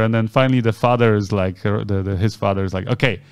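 A man's voice: on the low side, fast talker, clear, resonant tone, no echo, studio quality. A man co-hosting a podcast, telling a story in a casual chat and acting out the people in it. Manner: animated storyteller acting out quoted voices. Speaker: podcast co-host.

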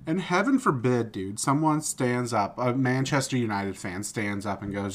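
A man's voice: medium pitch, expressive, normal speed, hardly any pauses. A man from the United States co-hosting a sports podcast, chatty and full of filler words. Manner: chatty, heavy use of "like". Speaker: podcast co-host. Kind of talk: casual sports chat.

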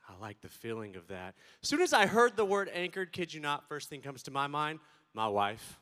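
High bright-voiced man, hall reverb. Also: moderate pace. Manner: animated, playful, swings loud and soft. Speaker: speaker addressing students. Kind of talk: comedic keynote talk. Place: large event hall.

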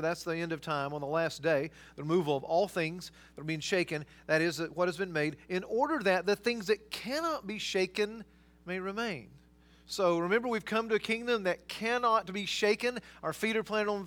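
A man preaching a sermon as pastor, earnest and emphatic, swinging between loud and quiet. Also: high voice.

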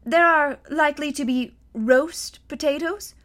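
A woman's voice: high-pitched, fairly bright tone, voice pushed up. A woman doing a timid, stammering older man. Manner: hesitant, stammering, slow.

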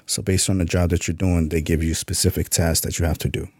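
A man's voice: deep voice, little pitch movement, fast talker, darkish tone, slightly rough, no room sound, studio quality. A man being interviewed on a podcast, telling a story in a laid-back way and swearing casually. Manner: laid-back, profane, full of "you know what I'm saying". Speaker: podcast guest, author and Army veteran.

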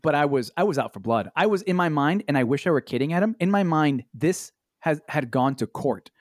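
A man on a podcast telling a story in an exasperated, animated way, swearing freely and swinging up into high pitch. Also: brisk, no echo, clean studio sound. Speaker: podcast co-host. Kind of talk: casual storytelling chat. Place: Los Angeles.

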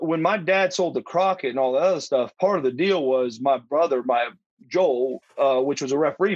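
A man's voice: mid-range voice, no room sound. A middle-aged former pro wrestler, a man, telling stories as an interview guest, rambling with many restarts. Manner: rambling, with frequent restarts and acted-out quotes. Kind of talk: casual storytelling. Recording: dull, dry lo-fi audio.

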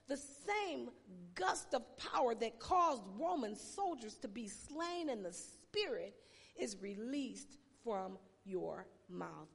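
Slow-preaching woman pastor, gravelly voice. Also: fairly high pitch, in a large hall. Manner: preaching with emphatic pauses and exclamations. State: tired voice. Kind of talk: sermon.

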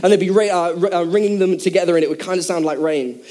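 A man's voice: high voice, quick pace, dark tone. A man preaching a sermon in a casual, chatty way with many fillers, speaking to a congregation in a church hall.

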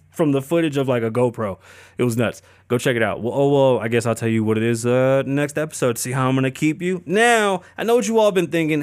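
Profane joking podcast host, dry close sound. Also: male voice, medium pitch, no echo. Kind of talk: casual commentary.

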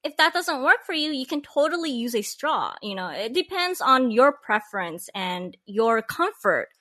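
A woman who makes polymer clay videos, chatting casually in an animated way, with gasps and exclamations. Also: fairly high pitch, normal speed, no echo, studio quality. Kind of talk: casual chat.

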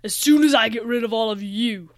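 Lane, a shouting villain dragon, as a woman puts him on. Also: on the high side, brisk, close to an everyday voice. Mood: menacing. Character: evil black dragon villain, male, scheming.

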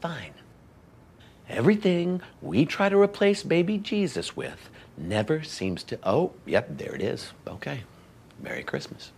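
An actor playing a cheerful, oblivious dad in a comedic church skit, rambling earnestly with fillers. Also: male voice, on the low side, huge pitch swings, unhurried, vocal fry, slight background noise, heavily acted. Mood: puzzled. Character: goofy cheerful dad with a levitating star topper.

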